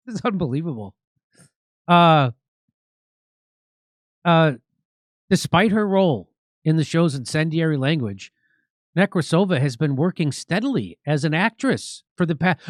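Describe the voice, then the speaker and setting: A man hosting a political commentary show, talking in a sarcastic, mocking, animated way. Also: on the high side, a little slow, long pauses, no echo, clean studio sound. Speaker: show host.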